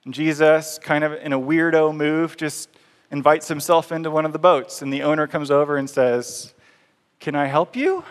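Conversational preacher in a reverberant hall. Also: male voice, a little high, level tone, moderate pace. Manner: conversational storytelling, acts out scenes. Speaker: pastor. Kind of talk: sermon.

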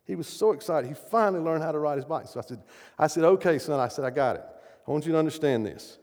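Emphatic preacher in an echoey hall. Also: male voice, fairly high pitch, expressive, fast talker, darkish tone. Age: middle-aged. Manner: emphatic, asks the audience questions. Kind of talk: sermon.

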